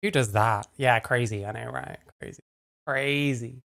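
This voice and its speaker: A woman reacts to clips on her stream with sarcastic, sweary commentary and frequent laughter. Her voice carries a gravelly fry. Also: a bass voice, a little slow, fairly bright tone.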